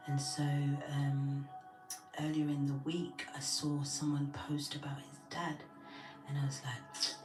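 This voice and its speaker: A woman's voice: sits low, little pitch movement, slow. Chatty woman telling a story. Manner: chatty storytelling, greeting viewers as she talks. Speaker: tarot reader and host. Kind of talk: casual chat to live viewers. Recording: echoey room from a distance with faint music.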